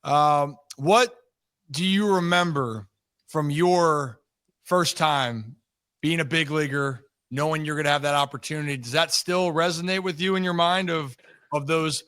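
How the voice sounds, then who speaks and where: A man's voice: on the high side, measured pace, a bit bright, clear, resonant tone. A man hosting a casual interview, asking long, rambling questions full of fillers. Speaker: podcast host.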